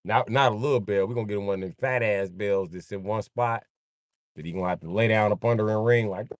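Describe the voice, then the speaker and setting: A man's voice: on the low side, fast talker, no echo. A man rambling casually and joking on a livestream, swearing freely and laughing often.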